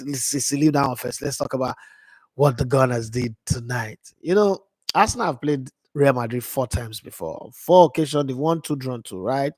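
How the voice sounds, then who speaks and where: Hoarse man chatting on a livestream. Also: medium pitch, dry recording. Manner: excitable, rambling, repeats himself. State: hoarse, voice worn out from screaming. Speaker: football fan streamer. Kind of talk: casual live-stream chat. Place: at home.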